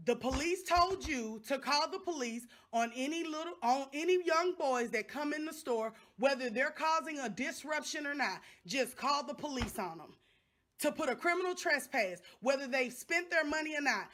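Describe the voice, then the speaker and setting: Impassioned high-voiced woman. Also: fairly bright tone. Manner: impassioned, repeats phrases for emphasis. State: upset. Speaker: vlogger. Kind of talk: angry direct-to-camera vlog.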